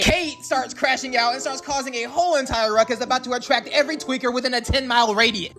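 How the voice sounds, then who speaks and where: High, bright-voiced young man ranting. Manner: animated, sarcastic, swearing, slangy. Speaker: gaming YouTuber. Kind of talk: comedic game recap commentary.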